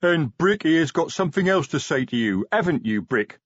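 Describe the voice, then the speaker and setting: Man doing a big gruff troll sergeant, slow broken grammar, growling, husky, dull audiobook sound. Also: on the high side, big pitch swings, no echo, pitched above the performer's own voice. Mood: earnest.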